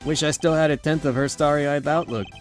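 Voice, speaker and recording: A man's voice: fairly high pitch, steady tone, a little fast, soft background music, voice pushed up, lightly acted. A man voicing a brash, chummy male detective with a breezy, wisecracking delivery. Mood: teasing. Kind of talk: game dialogue read aloud.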